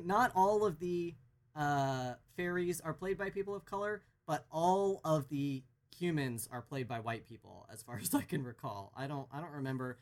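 A podcast co-host talking casually, thinking aloud in a rambling way with many fillers. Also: medium pitch. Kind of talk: casual chat.

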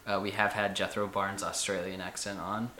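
A man's voice: low voice, little pitch movement, moderate pace, sharp tone, echoey room, slight background noise. A young man hosting a casual podcast, chatty and rambling, joking with his guests. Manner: chatty, rambling, laughs at himself. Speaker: podcast host.

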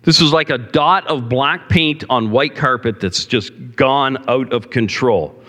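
This Canadian pastor has a mid-range voice with a sharp tone and a somewhat slow delivery. Preaching in a church sanctuary, he speaks conversationally and asks the congregation questions, with long hall reverb on the recording.

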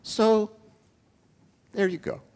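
A man's voice: slow, a little mellow, natural voice. A man playing an ancient rabbi who lectures in a sing-song, unsure way. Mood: hedging.

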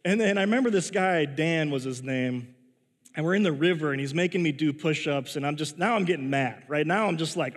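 A man preaches a sermon in a church sanctuary, his slightly high voice trailing a long hall reverb. He talks in a loose, chatty way, restarting his sentences and laughing at his own stories. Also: brisk. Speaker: pastor. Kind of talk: sermon with personal storytelling.

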